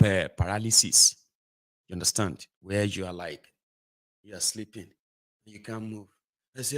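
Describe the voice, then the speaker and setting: A Nigerian man hosting a casual livestream monologue from a home studio, animated, slipping into pidgin and acting out little scenes. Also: sits low, no room sound. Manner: animated, mixes pidgin and Yoruba, acts out voices. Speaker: host.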